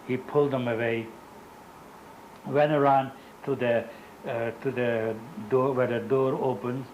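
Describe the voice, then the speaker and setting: In an oral history interview, an older man recounts his experience as a Holocaust survivor, his non-native English halting as he often pauses to find words. His medium-pitched voice holds a steady, darkish tone. The recording has its highs cut off and carries a little hiss or hum.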